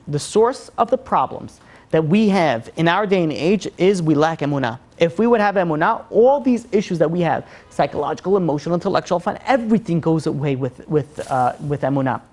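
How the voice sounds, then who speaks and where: Rabbi guy giving a faith class, tells stories with lots of feeling, gets loud then goes really quiet. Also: fairly high pitch. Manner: expressive storyteller, swings from loud to soft.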